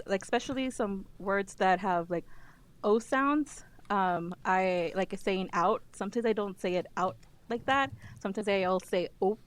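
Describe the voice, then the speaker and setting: A woman co-hosting a podcast in casual chat, laughing often and filling her talk with "like". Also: medium pitch. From lives in Minnesota. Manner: laughs often, many "like" fillers. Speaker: podcast co-host.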